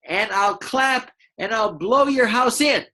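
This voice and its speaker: A man voicing a greedy male eagle in a storybook read-aloud, with a high, screechy, squawking delivery. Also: slow, pushed and bright, heavily acted. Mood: screeching.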